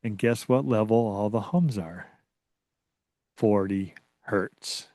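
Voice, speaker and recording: A man being interviewed as a researcher, telling a story in a casual, excitable way that rambles and restarts. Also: on the low side, takes it slowly, no echo, clean studio sound. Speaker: guest, Bigfoot researcher.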